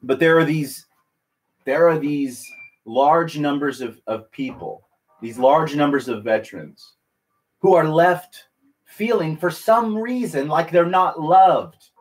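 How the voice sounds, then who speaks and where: A military veteran talks earnestly and emotionally to viewers on a casual live stream, rambling and restarting his sentences. His voice sits on the high side and he takes his time.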